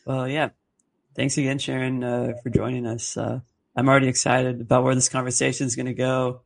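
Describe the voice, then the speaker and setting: A man co-hosting an interview, asking a guest questions in a measured way with many "you know"s. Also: medium pitch, little pitch movement, vocal fry. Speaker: co-host.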